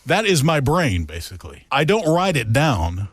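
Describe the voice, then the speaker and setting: A man's voice: mid-range voice, normal speed, breathy edge, no room sound. A man hosting a podcast in casual, joking chat with a friend, recorded in a radio station studio. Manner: chatty, animated, joking. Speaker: podcast host.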